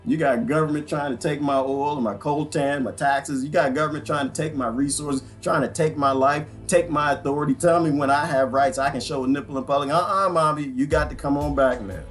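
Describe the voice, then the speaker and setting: A man hosting a rambling livestream monologue, animated and joking, laughing often. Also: a little high, fairly quick, hardly any pauses, faint music behind.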